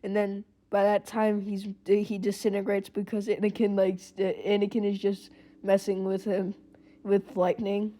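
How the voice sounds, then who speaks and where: A woman's voice: medium pitch, monotone, normal speed, dark tone. A woman casually retelling a made-up story, rambling, with restarts and self-corrections.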